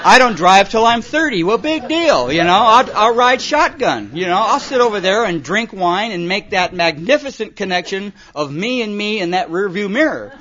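A man's voice: high voice, expressive, moderate pace, few pauses, sharp tone. A man telling funny stories from his life to a recovery meeting, rambling and dropping "you know" and "man" constantly. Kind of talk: comic storytelling talk to an audience. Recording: muffled recording with audience laughter. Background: audience laughing.

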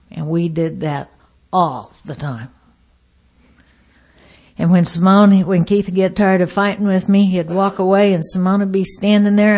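Woman telling her story to a meeting, acts out every voice, goes loud then real quiet. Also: mid-range voice. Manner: vivid storyteller, acts out quotes, swings from loud to hushed. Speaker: speaker sharing her recovery story. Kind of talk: personal testimony to a meeting.

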